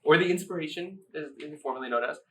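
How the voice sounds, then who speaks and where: A man co-hosting a casual chat show, talking with lively energy, repeating words, and mimicking loud voices. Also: on the high side, fast talker, distant mic. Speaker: co-host.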